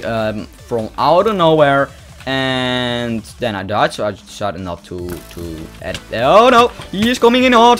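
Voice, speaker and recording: A European man giving excitable live commentary on a game, talking to opponents and to his viewers. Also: medium pitch. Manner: excitable, talks to opponents and viewers, yelps at kills. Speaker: gaming YouTuber. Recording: music playing under voice.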